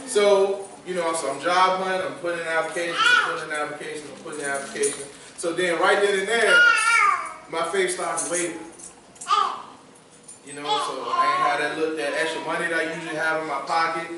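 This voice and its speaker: High bright preaching man in echoey hall. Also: brisk, heavy background noise. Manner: builds from quiet storytelling to shouted preaching; conversational, repeats phrases for emphasis. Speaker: youth service speaker. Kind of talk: testimony sermon. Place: large church hall. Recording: echoey church hall from far off.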